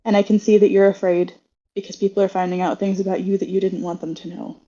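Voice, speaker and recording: A woman voicing a sincere, protective young hero in a tabletop game, speaking slowly and earnestly. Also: mid-range voice, flat delivery, mellow, lo-fi sound, close to an everyday voice. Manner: slow, earnest confession.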